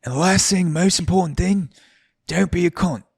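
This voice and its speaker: A man putting on a loud, brash Australian bartender. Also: sits high, normal speed, gravelly, breathy edge, dry recording, studio quality, voice pushed up, heavily acted. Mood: bossy, announcing. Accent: put-on Australian. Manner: blunt, bossy, profane.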